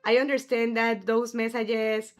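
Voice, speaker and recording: A woman's voice: fairly high pitch, level tone, unhurried, soft background music. A woman hosting a live gaming stream, casually chatting and answering her viewers' chat messages. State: has the hiccups. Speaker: livestream gamer host.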